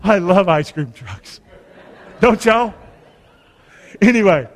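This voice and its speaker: A male pastor preaching a sermon, lively and conversational, with call-and-response and joking asides. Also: high voice, slow. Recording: long hall reverb.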